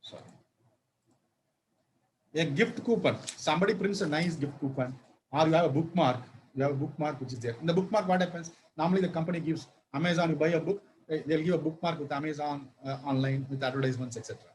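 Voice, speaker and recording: A man giving a law lecture, halting often with fillers and restarts and spelling words out. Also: on the high side, a little mellow, slight background noise, low-quality recording.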